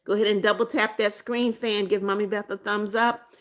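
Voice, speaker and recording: A woman's voice: medium pitch, flat delivery, brisk, fairly bright tone. A middle-aged woman from the United States hosting a casual livestream, chatting and reading viewer comments aloud, often repeating greetings and names. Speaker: livestream host.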